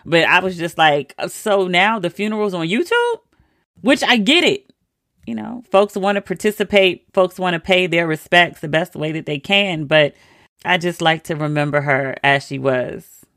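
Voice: medium pitch, normal speed, bright, forceful tone, dry recording, studio quality. A host telling a personal story in a casual monologue, with wry, incredulous asides.

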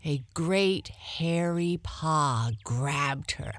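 A woman narrating a children's bedtime story in a gentle manner, sometimes dropping to a whisper. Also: sits low, gravelly. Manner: gentle, very slow, at times whispered.

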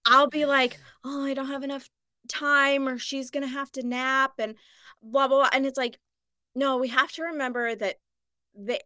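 Woman podcast host, bright voice, higher pitch, upbeat, casual chat, dry close sound. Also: flat delivery, normal speed, dry recording.

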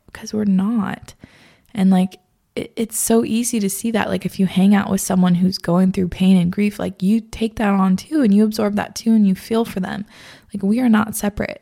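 A woman's voice: medium pitch, creaky, mellow. A young woman hosting a podcast, chatting casually on her own, swearing freely and laughing often. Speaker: podcast host. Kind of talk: casual solo chat.

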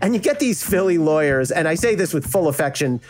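Animated South Jersey man, lively pitch. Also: fairly quick, faint music behind. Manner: frank, animated, acts out quoted reactions. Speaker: legal analyst and former prosecutor. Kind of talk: casual interview.

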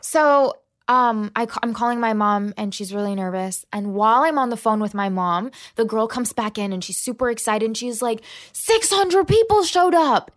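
A woman, a podcast guest, telling a personal story in an interview, animated and full of "like" fillers. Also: medium pitch, normal speed, hardly any pauses.

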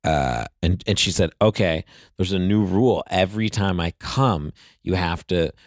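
A man's voice: low voice, moderate pace, no echo, studio quality. A man, a guest on an interview show, telling casual stories in a rambling way full of "like" fillers.

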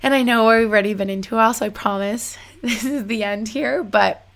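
A woman's voice: on the high side, a little fast, vocal fry, a bit bright. A young woman telling a story casually to her viewers, chatty and full of fillers. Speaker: vlogger.

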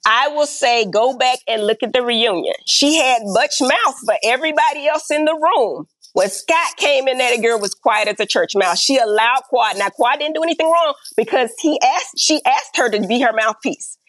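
A woman's voice: sits high, normal speed, few pauses. A middle-aged woman telling stories bluntly in an interview, acting out the dialogue and often asking "right?". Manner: blunt and animated, acts out quoted dialogue, peppers talk with "right?". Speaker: reality TV star and podcast guest. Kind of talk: candid interview storytelling.

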